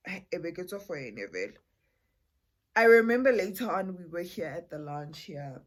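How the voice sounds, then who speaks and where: Young woman, chatty and rambling, storytime vlogger with a low voice. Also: expressive, moderate pace. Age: young adult. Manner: rambling, chatty, mixes in Setswana phrases. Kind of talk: casual storytime.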